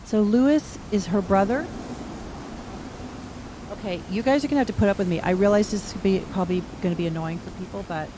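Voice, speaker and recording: A woman's voice: medium pitch, a little fast, noisy background. A middle-aged woman giving casual gameplay commentary, chatty and thinking aloud with wry asides. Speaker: gaming streamer.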